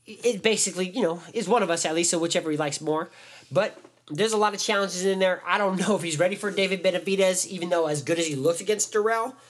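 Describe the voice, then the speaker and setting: A man's voice: high-pitched, quick pace. Rambling man talking boxing. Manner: rambling, many restarts and fillers. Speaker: podcast co-host. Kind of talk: casual sports chat.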